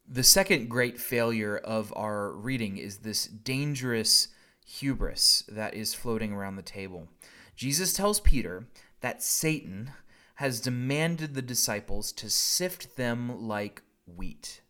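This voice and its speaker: A man's voice: mid-range voice, animated, slow, sharp tone. Brief: male pastor, blunt and wry, preaching in a casual, conversational way. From Southern US. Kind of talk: recorded sermon.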